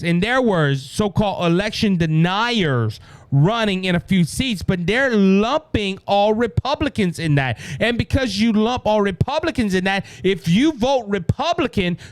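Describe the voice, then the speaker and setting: A man with a Cajun Louisiana accent hosting a solo political show, emphatic and repeating "ladies and gentlemen" with frequent restarts. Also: high voice, smooth, dry recording. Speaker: political podcast host.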